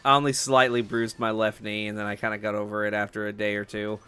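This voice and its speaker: A man's voice: on the low side, level tone, fast talker, bright, forceful tone, clear, resonant tone. A young man hosting a let's play, chatting casually over gameplay with lots of fillers and swearing. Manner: rambling, swears freely, many fillers.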